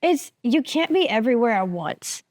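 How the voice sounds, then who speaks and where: A woman's voice: on the high side, big pitch swings, normal speed, a little mellow, dry recording, clean studio sound. A young woman talking as a podcast guest, answering a little hesitantly and thoughtfully. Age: young adult. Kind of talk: casual chat.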